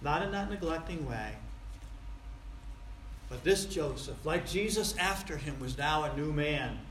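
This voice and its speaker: A male pastor preaching a sermon emphatically, with big swings in loudness. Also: a little high, animated, unhurried, slight background noise. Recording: echoey room.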